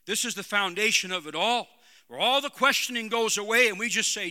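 High, bright-voiced male preacher. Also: brisk. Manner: preaching with call-and-response "Amen?". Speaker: pastor. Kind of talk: sermon. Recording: long hall reverb.

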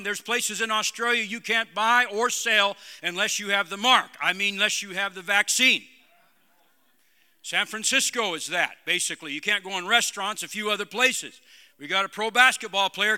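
Preaching a sermon as a pastor, a man calls out "Amen?" to his congregation in call-and-response style. His voice is high-pitched, sharp, clear and resonant, and a long hall reverb surrounds it.

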